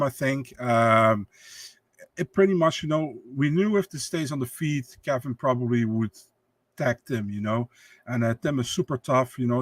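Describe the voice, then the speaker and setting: A man co-hosting a casual sports podcast, relaxed and halting, with many fillers. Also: mid-range voice, no room sound, recorded from a distance. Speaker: podcast co-host.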